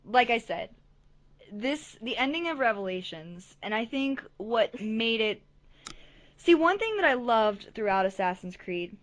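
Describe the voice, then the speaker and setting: A young woman co-hosting a casual gaming podcast, enthusiastic and excitable as she talks. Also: mid-range voice. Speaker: podcast co-host.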